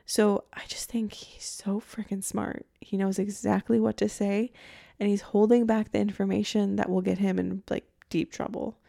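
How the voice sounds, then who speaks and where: A young woman hosts a podcast and tells a true-crime story in a casual, chatty manner, thinking aloud as she goes. Her voice has a gravelly, creaky edge. Its tone is mellow and dark, at a middle pitch. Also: level tone, normal speed. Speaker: podcast host.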